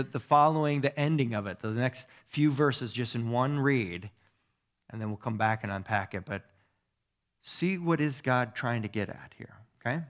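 A man giving a sermon as a pastor, teaching in a conversational way, checking in with his listeners through tag questions and moving between soft asides and emphatic stresses. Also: medium pitch.

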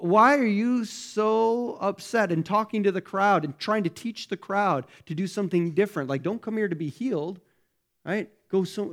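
A man preaching a sermon as pastor, speaking conversationally and tagging many lines with rhetorical questions. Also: on the high side. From United States.

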